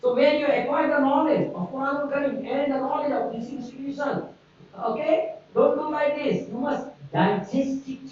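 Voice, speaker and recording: A man's voice: very high-pitched, normal speed, slight background noise. Older guy lecturing with a story, repeats himself, dull distant sound. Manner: animated storyteller, repeats phrases. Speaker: guest religious teacher. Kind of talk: storytelling talk. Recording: echoey, distant, dull hall recording.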